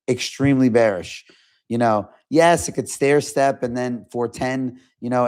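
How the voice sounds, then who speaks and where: A man hosting a casual stock trading livestream, talking in a fast conversational way with lots of fillers and restarts. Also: medium pitch, darkish tone, clear, resonant tone. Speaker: stock market livestream host.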